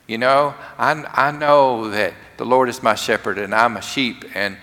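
A man preaching a lively, conversational sermon to his congregation, acting out quotes along the way. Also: mid-range voice, measured pace. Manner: animated, conversational, acts out quotes. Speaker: pastor. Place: church sanctuary. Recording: long reverb of a large church hall.

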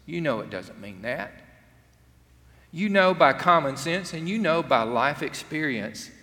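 Earnest pastor in a reverberant hall. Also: male voice, fairly high pitch, expressive, unhurried, bright, forceful tone. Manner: earnest, conversational, acts out quotes. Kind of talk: sermon.

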